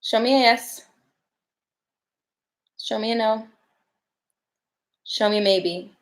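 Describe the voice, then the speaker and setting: A woman's voice: fairly high pitch, slow. A woman giving casual live tarot readings, chatty and laughing often as she talks to viewers. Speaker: tarot reader.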